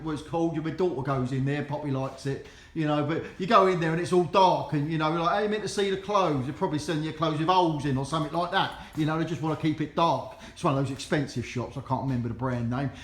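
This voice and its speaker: A man's voice: on the high side, fairly bright tone. A middle-aged man from London with a Cockney accent, chatting jokily as he walks through an auction preview and keeps tagging "right?" onto his sentences. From London, England. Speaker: auctioneer giving a preview tour. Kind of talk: casual walk-through chat. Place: auction building, walking indoors.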